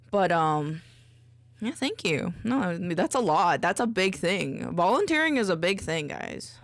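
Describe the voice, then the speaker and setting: Brief: woman VTuber, chatty and bubbly, voice bounces high and low, boom-arm desk mic at home. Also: very animated, a little slow, dry recording. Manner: bubbly, rambling, chatty with viewers. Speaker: VTuber streamer. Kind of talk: casual livestream chat.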